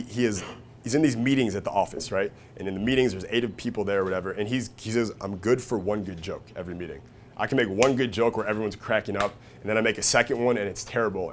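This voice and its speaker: A man with a lower-than-average voice gives a casual, profane live seminar to an audience, energetic and forever checking in with "right?" and "okay?" When he quotes people, he acts them out with loud, high-pitched impressions and big jumps in pitch and volume. Faint room noise lies beneath the recording.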